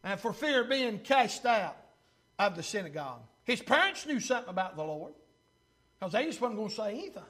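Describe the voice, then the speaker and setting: High-voiced fervent preacher man. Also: sing-song. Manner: fervent, pausing with 'uh' and surging louder then dropping low. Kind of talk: revival-style sermon.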